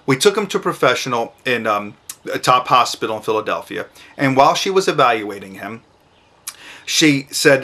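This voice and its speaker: A middle-aged man, a parent giving advice to camera, who speaks slowly and enunciates each word with emphasis. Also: mid-range voice, sing-song, sharp tone. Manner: slow, deliberate, emphatic enunciation. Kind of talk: instructional talk to camera.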